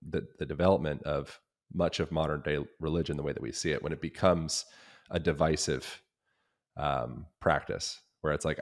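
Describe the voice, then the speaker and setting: A man's voice: very deep voice, steady tone, normal speed. A man hosting a podcast, thinking aloud in a searching, conversational way. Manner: thoughtful, searching, with restarts. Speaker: podcast host. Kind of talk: casual interview talk.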